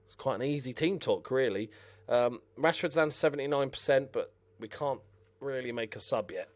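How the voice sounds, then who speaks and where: A young man casually commentating as he plays a football management game, excitable, swearing and shouting at the players on screen. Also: medium pitch, moderate pace. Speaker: gaming commentator. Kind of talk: casual let's-play commentary.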